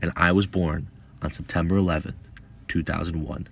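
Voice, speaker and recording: Low gravelly young man telling a story. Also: fairly even intonation. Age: young adult. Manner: halting, with fillers and repeats. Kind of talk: casual storytime.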